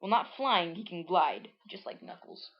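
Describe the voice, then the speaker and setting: A woman's voice: lowish voice, animated, normal speed, muffled recording. A woman casually reading through a comic she made as a child, rambling and full of fillers. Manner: rambling, filler-heavy, lots of "like". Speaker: reader of her own childhood comic. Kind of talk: casual storytelling read-through.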